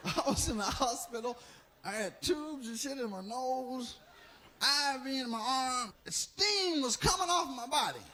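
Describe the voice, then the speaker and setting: A man's voice: very high voice, animated, unhurried, pushed and bright. A man performing live stand-up comedy, telling a profane story and jumping into acted voices.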